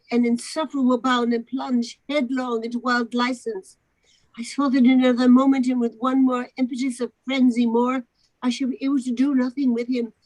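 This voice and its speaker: A woman narrating a novel aloud, expressive, with occasional stumbles over the words. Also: a little high, rough recording. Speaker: narrator in a charity readathon.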